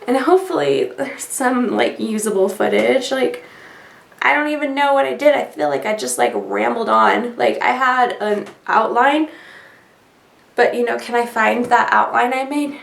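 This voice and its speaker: Her voice is on the high side, with lively intonation, a moderate pace and some vocal fry. The woman, a vlogger talking casually to camera from a home desk under lights, rambles and giggles in a self-deprecating way, captured with roomy, distant sound.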